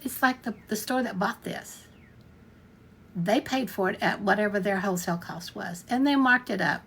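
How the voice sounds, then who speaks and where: A woman talking straight to her viewers in a relaxed, chatty explainer. She keeps circling back to the same points and asks whether you are following, with an earnest, persuasive push to it. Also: gravelly, a little hiss or hum. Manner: repetitive, checks listener understands with questions; earnest, emphatic sales pitch. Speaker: online business vlogger. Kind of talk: casual explainer to camera.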